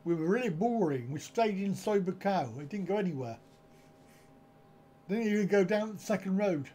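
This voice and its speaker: A man's voice: high-pitched, animated, normal speed, warm tone, a little hiss or hum. A middle-aged man, hosting a casual live stream with jokey, chuckling banter from home. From United Kingdom.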